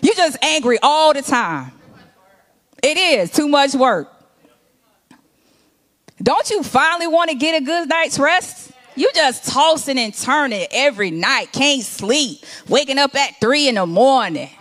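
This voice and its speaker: A woman's voice: high-pitched, animated, unhurried, fairly bright tone. A woman minister preaching a conversational sermon, acting out scenes from the scripture.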